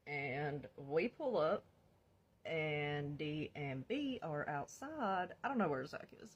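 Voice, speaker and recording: A young woman tells her life story straight to camera. Her voice is low-pitched and husky, and her telling is animated and profane, full of laughs and asides to y'all. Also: takes it slowly, dull audio. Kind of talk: casual storytime monologue.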